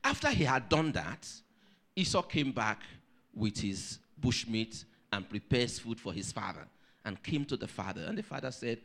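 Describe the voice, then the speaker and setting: A male pastor preaching a sermon, telling a story with lively energy and putting questions to the congregation. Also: mid-range voice, normal speed.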